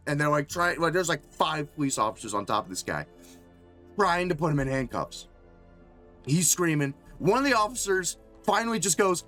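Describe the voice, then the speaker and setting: A man's voice: a little high, moderate pace, fairly bright tone, faint music behind. Profane man rambling through a story. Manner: rambling, profane, lots of fillers. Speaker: streamer. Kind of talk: casual storytelling on a game stream.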